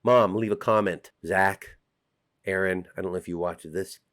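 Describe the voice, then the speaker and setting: A man's voice: sits low, fairly even intonation, moderate pace, fairly bright tone. A middle-aged man with an American accent, talking casually and jokingly straight to the camera as a vlogger. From United States. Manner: chatty, joking, direct address to viewers.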